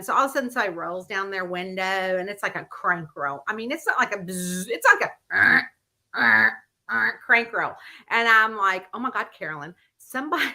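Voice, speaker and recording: A woman, a mystery author chatting casually to her viewers and acting out the story she tells. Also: medium pitch. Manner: animated storyteller who acts out the voices in her anecdotes. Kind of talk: casual chat vlog.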